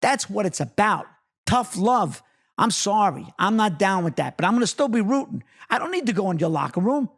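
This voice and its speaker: A middle-aged man from New York tells rapid-fire stories as a guest in a casual chat. His voice sits high and carries a gravelly edge. He swears freely and gets worked up as he goes. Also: big pitch swings, fairly bright tone. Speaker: guest, actor. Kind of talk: animated storytelling in casual chat.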